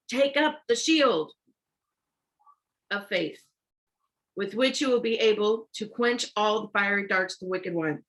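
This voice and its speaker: A woman gives an informal online sermon, reads scripture, and urges listeners on with "okay?" and "y'all", stumbling and restarting when she rushes. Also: mid-range voice, fairly bright tone. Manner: urgent and exhortative, repeats herself, frequent "okay?" and "y'all". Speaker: online preacher.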